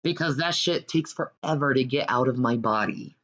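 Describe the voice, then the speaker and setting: A woman in loose, rambling, profane chat, swinging from loud sing-song taunts to low mutters, on dull lo-fi audio. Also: moderate pace. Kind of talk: casual rambling commentary.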